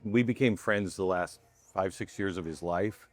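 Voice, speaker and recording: A man's voice: deep voice, normal speed, no echo. A man who works as a radio host, chatting as a guest and telling earnest, reflective stories. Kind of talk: casual chat, storytelling. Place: diner.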